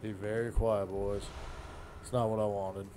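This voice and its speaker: A man casually commentating on his first playthrough of a game, swearing often and reacting loudly to sudden threats. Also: lowish voice, little pitch movement, a little slow, slight background noise. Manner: profane, jumpy reactions to the game. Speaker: gaming channel host. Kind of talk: let's play commentary.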